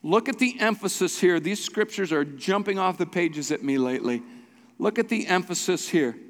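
A man's voice: sits high, lively intonation, moderate pace. A male pastor preaching a sermon with urgent, exhorting repetition. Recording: long hall reverb.

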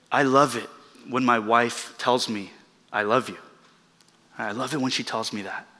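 A male pastor delivers an earnest, emphatic sermon in a bright, forceful voice. He stacks repeated phrases for emphasis. His words ring out with a long reverb through the church hall. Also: fairly high pitch.

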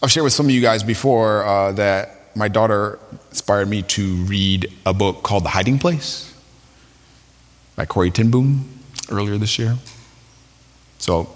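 A man's voice: on the low side, unhurried, pauses often, big-room sound. A man preaching a sermon as a pastor, telling a story with fillers and restarts.

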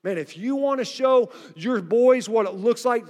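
A man preaching a sermon as pastor, energetic and joking with his congregation in a church. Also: very high voice, normal speed, in a large hall. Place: church sanctuary.

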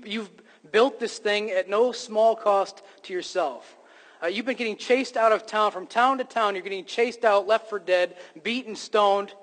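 An emphatic man preaching, his voice pitched high and full of restarts and fillers as he presses his point. His voice rings out with the long reverb of a large hall. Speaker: pastor. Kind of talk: sermon.

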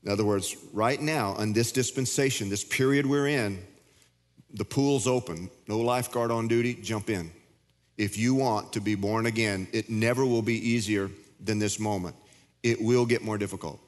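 Folksy preacher in a big hall. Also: male voice, fairly low pitch, moderate pace. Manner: folksy, joking, plain-spoken preaching. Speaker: pastor. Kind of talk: sermon. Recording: long reverb of a big hall.

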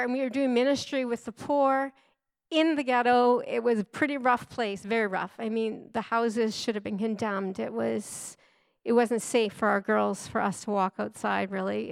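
Earnest woman preaching, higher-pitched voice. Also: steady tone, moderate pace, vocal fry, clear, resonant tone, no room sound. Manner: earnest, emphatic, repeats key phrases. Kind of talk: sermon.

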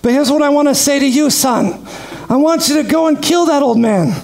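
A man's voice: very high voice, a little fast, vocal fry, a little mellow, pitched above the performer's own voice. A man voicing a dying old king who talks like a menacing mob boss, mumbling as if through cotton in his mouth.

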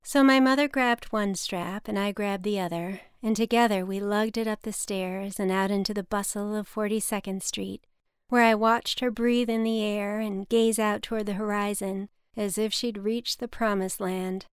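A woman narrating her own personal story in a measured, scripted reading style, recorded close to the mic. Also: medium pitch, steady tone, clear, resonant tone, dry recording.

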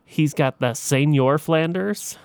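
A man co-hosting a podcast, calmly pointing out small details of a cartoon episode. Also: on the high side, slow pace, gravelly, clean tone, dry recording, clean studio sound. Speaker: podcast co-host. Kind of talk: casual chat.

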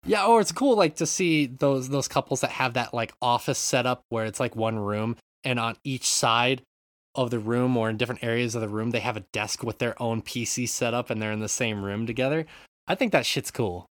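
A man's voice: mid-range voice, normal speed, dry recording. A man hosting a casual gaming podcast, rambling, swearing freely and reading out listener comments. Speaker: podcast host.

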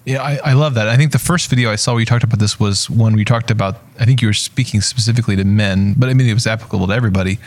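A man hosting an interview, asking long, halting questions full of fillers. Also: lowish voice. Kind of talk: casual interview.

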